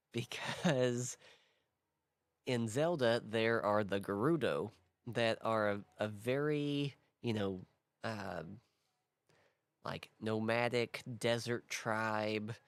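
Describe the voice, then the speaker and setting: A man's voice: fairly low pitch, takes it slowly, clear, resonant tone, no echo. A man hosting a casual worldbuilding talk, thinking aloud in a rambling way with restarts and small laughs. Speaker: host.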